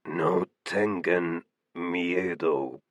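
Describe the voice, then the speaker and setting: A man voicing a grim, monstrous undead hero with a horribly raspy voice, talking slowly and quietly in an audiobook. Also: dry recording. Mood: hushed reassuring. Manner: slow, halting, low and hushed. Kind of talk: audiobook character voice.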